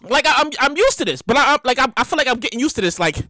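Woman, 30s, New York accent, comedic podcast host. High, bright and animated, loud outbursts. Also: rapid-fire, dry recording, studio quality. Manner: animated, excitable, repeats herself, bursts into shouts. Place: home, seated in a chair. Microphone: podcast microphone.

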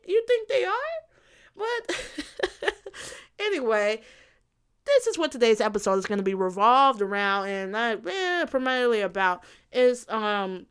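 A young woman with a high voice tears into her topic in a solo podcast rant. She is profane, exasperated and sarcastic, talking alone in a room. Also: fairly bright tone. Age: young adult. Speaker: podcast host.

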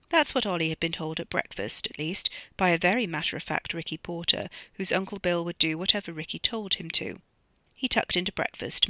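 Give me an author narrating their own novella in a measured, storytelling way. The voice has a gravelly fry under a bright, forward tone. It is recorded dry and close to the mic. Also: medium pitch, dry recording. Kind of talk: scripted narration.

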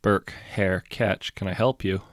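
A man voicing a bored office receptionist answering the phone in a flat manner. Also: sits low, a little slow, no room sound, studio quality.

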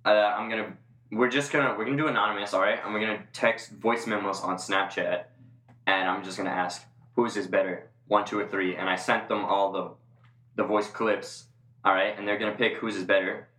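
A man hosting a casual podcast, organizing the game in a quick, joking way. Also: fairly low pitch, steady tone, pushed and bright. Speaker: podcast host. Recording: roomy room with faint noise.

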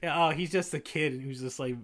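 A man co-hosting a casual review chat, who swears and laughs and acts out characters' lines in quick put-on voices. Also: fairly high pitch, a bit bright. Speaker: podcast co-host.

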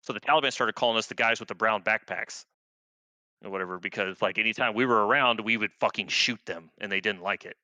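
Veteran male guest, 30s, crisp dry close-mic sound, casual profane storyteller. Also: on the low side, quick pace, pushed and bright, dry recording. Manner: laid-back, profane, rambling with many fillers.

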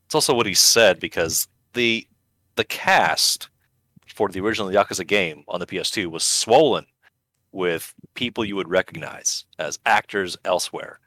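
A man's voice: sits low, normal speed, pushed and bright, dry recording. A man cohosting a podcast in casual chat, riffing sarcastically and tossing out mock quotes. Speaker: podcast co-host.

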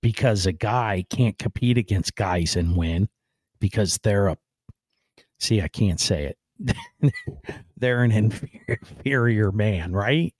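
A man's voice: fairly low pitch, a little mellow, dry recording, clean studio sound. A man hosting a podcast, delivering a blunt, rambling opinion monologue with casual swearing and frequent "right?" and "man". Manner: swears casually and then apologizes. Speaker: podcast host.

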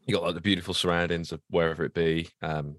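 A man's voice: sits low, level tone, quick pace, a bit bright, no room sound, studio quality. A man with a Birmingham accent, a guest photographer on a podcast, talking in a laid-back, jokey way and trailing off mid-thought. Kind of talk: casual podcast chat.

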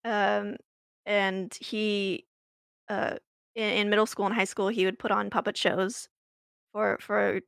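A woman tells a story as a podcast co-host, chatty and full of little fillers and restarts. Her voice sits at an ordinary pitch. The recording is dry and close. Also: little pitch movement, slow, creaky, long pauses, a bit bright, clear, resonant tone, dry recording. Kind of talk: casual chat, storytelling.

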